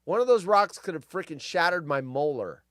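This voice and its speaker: A man's voice: on the high side, lively intonation, normal speed, a bit bright, no room sound, studio quality. A man in his fifties, a podcast host telling stories in a casual, profane rant and mocking people with put-on voices. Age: 50s.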